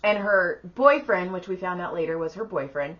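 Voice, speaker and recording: A woman's voice: fairly low pitch, moderate pace, lo-fi sound. A woman co-hosting a casual podcast, telling a story animatedly and acting out what people said. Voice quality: bright voice, animated storytelling with acted-out quotes. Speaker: podcast co-host.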